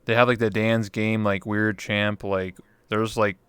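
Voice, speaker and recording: A man's voice: lowish voice, level tone, unhurried, fairly bright tone, smooth, no echo. A man hosting a casual interview, talking in a rambling way with many fillers and restarts. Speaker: interview host and streamer. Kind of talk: casual chat.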